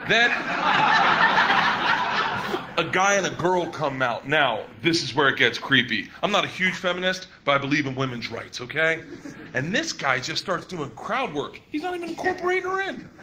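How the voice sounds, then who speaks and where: A man doing stand-up, telling a rambling, crude story in an animated way. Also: fairly high pitch, moderate pace. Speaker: stand-up comedian. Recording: loud noise over live room.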